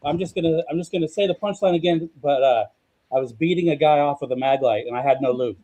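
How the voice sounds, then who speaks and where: A man telling a story in a deadpan way on a casual talk show, with many filler sounds. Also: on the high side, fast, lo-fi sound, slight background noise. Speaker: guest.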